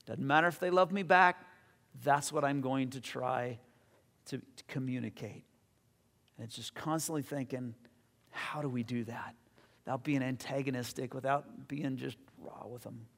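A man's voice: mid-range voice, fairly even intonation, normal speed, gravelly, fairly bright tone, big-room sound. A man preaching a sermon as pastor, telling stories in an earnest, conversational way with fillers, then leading a closing prayer.

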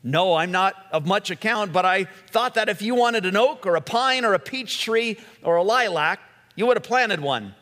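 A man voicing a small cheerful flower that speaks modestly and with quiet determination. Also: high-pitched, lively intonation, normal speed, voice pushed up. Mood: humble cheerful. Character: small cheerful humble flower, brave little bloom. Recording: long echoing hall reverb.

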